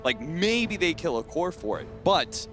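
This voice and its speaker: A man's voice: on the high side, big pitch swings, unhurried, music in the background. A man from Seattle, an esports analyst who breaks down plays in a talkative, analytical way. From Seattle, USA. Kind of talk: casual panel analysis.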